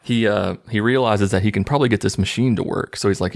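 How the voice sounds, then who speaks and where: A man's voice: lowish voice, quick pace, gravelly. A man casually recapping a movie plot in a mocking, incredulous tone.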